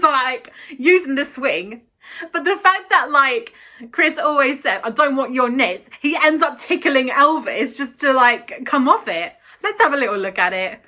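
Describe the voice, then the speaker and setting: A woman's voice: high-pitched, sharp tone. A woman chatting in a casual vlog, giggly and filling her talk with "like". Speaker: YouTuber.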